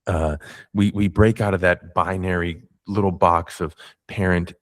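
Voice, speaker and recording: Man, podcast host, very deep voice, earnest casual talk, dry sound. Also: steady tone, a little slow, no room sound. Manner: earnest, loose, swears casually. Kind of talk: casual conversation.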